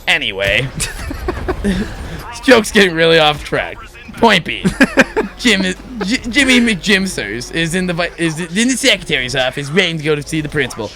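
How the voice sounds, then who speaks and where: A man's voice: fairly high pitch, sing-song, normal speed, pushed and bright. A man, host of a gaming channel, telling a rambling joke in a goofy, giggly way, often interrupting himself. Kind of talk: rambling comic storytelling.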